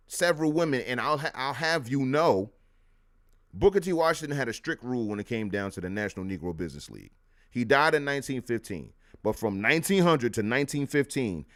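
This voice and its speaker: A man hosting a live history show, talking in a casual, animated way with slangy asides. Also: medium pitch. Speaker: host.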